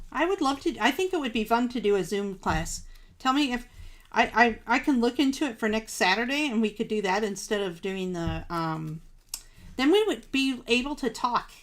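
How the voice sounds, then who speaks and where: A woman's voice: on the high side, a bit bright. A woman hosting a live crafting stream, chatting casually with viewers, gushing over supplies and laughing at herself. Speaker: craft livestream host.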